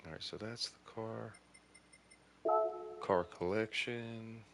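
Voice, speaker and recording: A man giving casual, excitable gaming commentary, thinking aloud as he plays. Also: on the low side, takes it slowly, creaky, noisy background. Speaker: gaming streamer.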